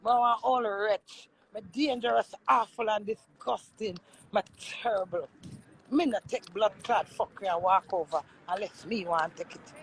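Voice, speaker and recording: A woman's voice: mid-range voice, normal speed, husky, low-quality recording. A young Jamaican woman vlogger ranting in an angry, accusing way, swearing often. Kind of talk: heated rant.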